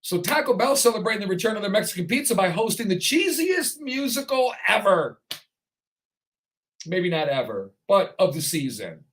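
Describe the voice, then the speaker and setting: A man's voice: high voice, big pitch swings, moderate pace, fairly bright tone. A man hosting a talk show, ranting through his commentary in a sarcastic way.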